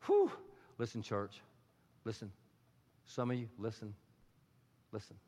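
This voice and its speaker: A man preaching a sermon as a pastor, swinging from loud, soaring lines to hushed whispers. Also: lowish voice, huge pitch swings, unhurried, slightly rough. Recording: reverberant hall with music underneath. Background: soft guitar music.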